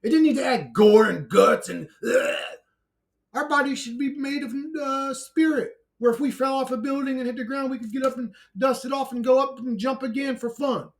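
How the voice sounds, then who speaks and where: A man's voice: very high-pitched, moderate pace. A man giving a brash, blunt, profane ranting monologue to his own channel, laughing between outbursts. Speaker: YouTuber.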